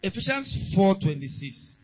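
A pastor preaching a sermon, moving between quiet asides and loud, emphatic exhortation. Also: male voice, high voice, big pitch swings, measured pace, rough recording.

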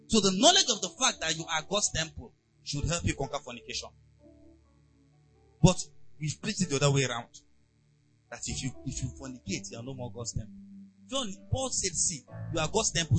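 Lively, emphatic preacher man. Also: sits high, brisk, soft background music, low-quality recording. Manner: emphatic, rhetorical questions to the congregation, swings from soft to loud. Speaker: pastor. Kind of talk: sermon.

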